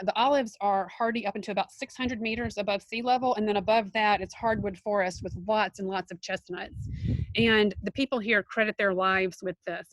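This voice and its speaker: A woman's voice: mid-range voice, a bit bright, no echo. Woman giving a chatty slideshow lecture. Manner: conversational, explanatory, with frequent ums and restarts. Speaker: art history and food teacher.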